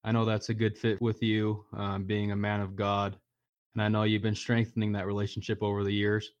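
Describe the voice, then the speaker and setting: Flat low-voiced podcast co-host. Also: male voice, fairly quick, clean tone, dry recording. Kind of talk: casual podcast interview. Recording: dry, dull lo-fi audio.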